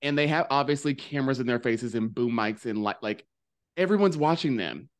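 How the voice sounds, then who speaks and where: A man co-hosting a podcast, recapping in casual chat with animated, profane, gossipy storytelling. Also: medium pitch, brisk. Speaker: podcast co-host.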